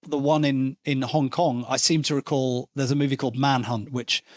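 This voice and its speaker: A man hosting a casual film podcast, animated and excitable, swearing now and then. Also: mid-range voice, normal speed, no room sound, clean studio sound. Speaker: podcast host. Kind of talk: casual chat.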